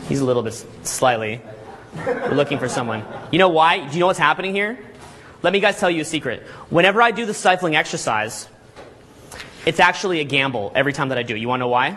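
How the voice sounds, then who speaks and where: A man leads a live seminar, teaching the room with lively energy and throwing questions at his audience. His voice sits high and rings sharp and bright. He talks like a coach working a crowd. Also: fast.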